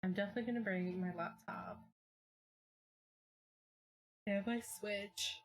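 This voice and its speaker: A young woman streaming from home, chatting casually with her viewers in a rambling, filler-heavy way with excitable bursts. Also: medium pitch, a little slow.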